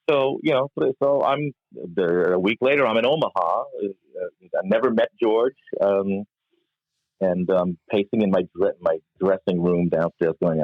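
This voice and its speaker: An older comedian, a man with a low voice, tells career stories with big swings in pitch, jumping into the voices of the people he quotes. The sound is dry and a bit muffled, like a remote call. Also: brisk, dry recording. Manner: animated storyteller acting out quoted voices. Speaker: guest comedian and musician. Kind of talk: storytelling in an interview.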